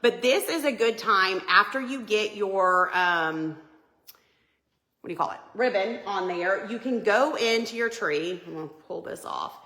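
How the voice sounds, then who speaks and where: A woman's voice: medium pitch, unhurried, bright, forceful tone, reverberant, rough recording. A woman hosting a live Christmas decorating tutorial, chatty and upbeat, greeting viewers by name. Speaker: home decor livestream host. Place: home living room by a Christmas tree.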